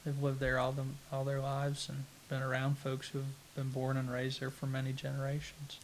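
A man with a Southern US accent, answering interview questions in an unhurried, plain-spoken way with halting restarts. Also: mid-range voice, completely flat delivery, slight background noise. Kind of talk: casual interview conversation.

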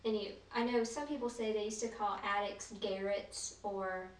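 A woman interviewer asking gentle, curious questions. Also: medium pitch, steady tone, normal speed. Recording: roomy, distant, faint noise.

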